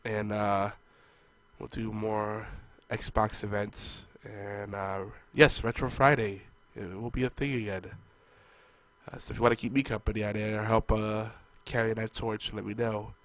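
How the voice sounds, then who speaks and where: A man's voice: lowish voice, level tone, a little slow, fairly bright tone, no room sound. A man hosting a casual gaming podcast, rambling and joking loosely while audibly congested. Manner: rambling, jokey, loose delivery. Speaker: podcast host. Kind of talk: casual chat. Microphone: monitored podcast mic.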